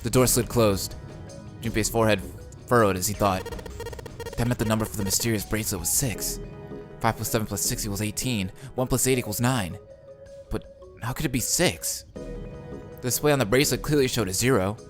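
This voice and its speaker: A man doing a let's play of a visual novel, reading the text aloud and reacting excitedly. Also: lowish voice, brisk, long pauses. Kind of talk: gameplay commentary and text reading. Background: game music.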